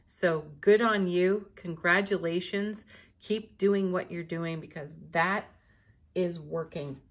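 A middle-aged woman with a slightly low voice reads tarot cards for her viewers. She talks in a gentle, spiritual manner and often breaks into a laugh. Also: steady tone, takes it slowly. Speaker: tarot reader. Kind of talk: daily tarot reading to camera.

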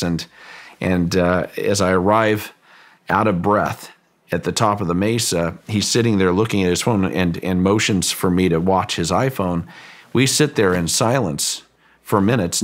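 Male guest, deep low register, long halting anecdote, voices others' lines with lifts. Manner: halting, with frequent restarts and fillers; acts out quoted lines with raised pitch. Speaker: guest, ranch owner. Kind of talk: storytelling in a long-form interview.

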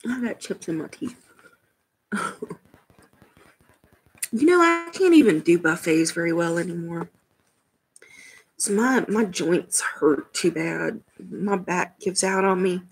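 A woman's voice: lowish voice, lively intonation, takes it slowly, long pauses, slight background noise, poor audio. A woman hosting a casual livestream chat from home, rambling and laughing often as she talks to viewers. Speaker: livestream host.

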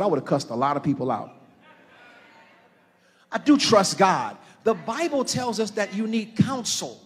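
Man, pastor, sermon, high voice, rises from hushed to shouting, talks to the congregation, long church hall reverb. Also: breathy edge. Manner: impassioned preaching that swings from hushed to shouting; calls on the congregation directly.

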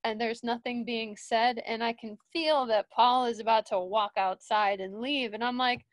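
Telling a relaxed story, a young studio manager keeps restarting and using fillers, her pitch leaping up when she quotes other people. Otherwise her intonation stays fairly even at a moderate pace, captured in a dry recording.

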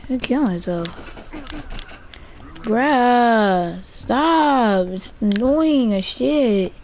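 A woman talks over her gameplay in an unhurried, drawn-out way, her voice sitting a little high. She curses constantly, sounds fed up, and drops "bruh" into almost every line. A faint hiss of noise sits under the recording. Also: expressive, darkish tone. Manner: frustrated, swears often, keeps saying "bruh". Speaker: gamer. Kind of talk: casual gameplay commentary.

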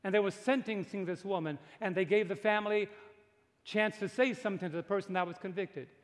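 A pastor preaching a dramatic sermon to a congregation, slowing down to stress his points. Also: high voice, fairly even intonation, long reverb tail. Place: large church before a congregation.

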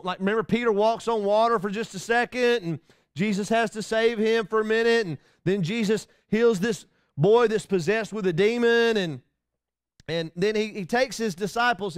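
A man's voice: high voice, a bit bright, smooth, no echo, studio quality. A man preaching a sermon to his congregation in a casual, folksy way, with many restarts and asides. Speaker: pastor. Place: church.

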